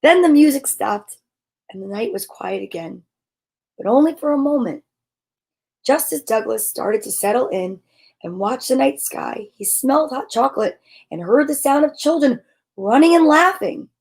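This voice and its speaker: A woman reading a picture book aloud to children, expressive and often dropping to a hush. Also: high-pitched, moderate pace, husky. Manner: expressive, dropping to hushed near-whispers. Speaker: storyteller.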